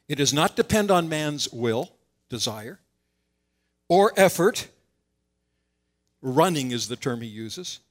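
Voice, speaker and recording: A man's voice: on the high side, fairly bright tone. A man preaching an expository sermon, explaining scripture and voicing quoted lines with rising intensity.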